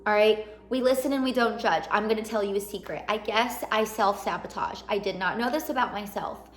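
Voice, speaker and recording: A woman talks straight to her viewers in a casual, earnest pep talk, asking one rhetorical question after another. Her voice sits at an ordinary middle pitch. The room around her rings with a noticeable echo. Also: brisk, a little hiss or hum. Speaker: self-help vlogger. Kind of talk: casual motivational talk to camera.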